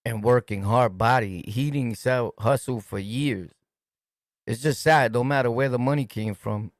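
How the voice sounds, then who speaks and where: A man's voice: medium pitch, a little slow, dry recording. A man with a New York accent talks straight to his stream chat in a streetwise, emphatic manner, circling back to his points again and again. His voice sits in an ordinary middle register. The sound is dry and close, with no room around it. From New York City. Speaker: host. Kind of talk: casual commentary to a livestream chat.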